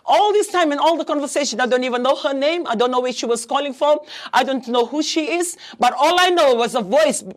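A woman's voice: high voice, a little fast. A woman preaching an earnest, pleading sermon as a pastor, with frequent hesitations and repeated phrases. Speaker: pastor and prayer counselor. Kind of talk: heartfelt sermon.

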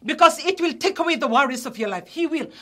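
High-voiced woman pastor preaching. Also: animated, fast, bright, forceful tone. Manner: earnest storytelling, rising to emphatic exhortation. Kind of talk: testimony sermon.

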